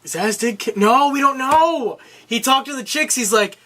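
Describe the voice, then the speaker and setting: A man co-hosting a podcast, recapping a TV episode in casual chat, cutting in with quick laughs and casual swearing. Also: very high voice, sharp tone. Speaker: podcast co-host.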